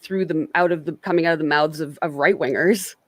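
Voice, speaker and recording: A woman's voice: deep voice, fairly even intonation, a little fast, no room sound. A woman hosting a casual political panel on a stream, chatty and self-qualifying, often restarting her sentences. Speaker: stream host.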